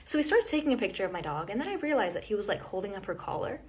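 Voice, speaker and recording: A woman's voice: mid-range voice, big pitch swings, racing, a little hiss or hum. A woman casually telling a personal story, chatty and addressing viewers directly.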